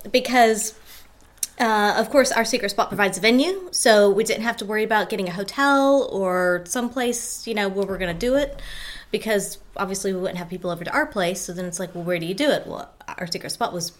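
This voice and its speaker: A woman co-hosting a podcast talks casually. She explains things in a relaxed, matter-of-fact way. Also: medium pitch, fairly quick. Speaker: podcast co-host. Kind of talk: casual chat.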